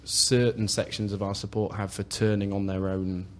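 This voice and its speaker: A man giving his views as a panelist on a football podcast, measured and opinionated, often restarting his phrases. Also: on the low side, flat delivery. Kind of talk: casual football podcast discussion.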